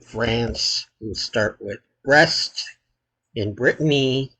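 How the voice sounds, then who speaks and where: A man hosting his channel, thinking aloud as he plays a geography quiz, hesitant and halting with many filler pauses. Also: medium pitch, pushed and bright, breathy edge, poor audio. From United States.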